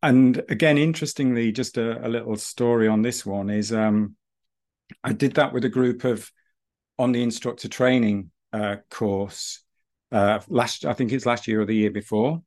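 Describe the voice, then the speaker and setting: Man, breathing coach, rambling anecdotes, podcast chat, mid-pitched voice. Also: steady tone, normal speed, a little mellow. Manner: storytelling, rambling with restarts. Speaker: breathing and running instructor.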